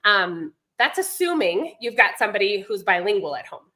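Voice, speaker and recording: Woman, podcast guest, bright tone, chatty, rambling asides. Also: medium pitch, very animated, moderate pace. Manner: chatty, digresses, many fillers. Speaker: guest, homeschooling mom and language instructor. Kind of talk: conversational podcast interview.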